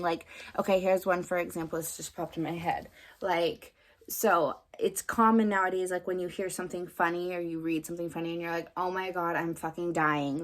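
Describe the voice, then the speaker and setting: A young adult woman with a lowish voice vlogs casually about spiritual ideas. She rambles, using lots of fillers and frequent tag questions.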